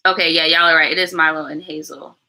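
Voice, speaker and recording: Bright-voiced woman in casual storytime chat. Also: deep voice, steady tone, poor audio. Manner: blunt, slangy and profane, quick to laugh. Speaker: storytime YouTuber reading viewer stories.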